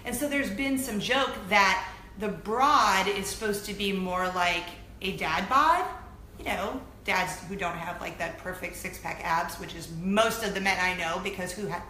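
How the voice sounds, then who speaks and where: Bright chatty woman in an echoey room. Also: mid-range voice, unhurried. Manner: chatty, animated, self-deprecating. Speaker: host of a weekly web show. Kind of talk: casual chat to camera. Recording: echoey room with faint noise.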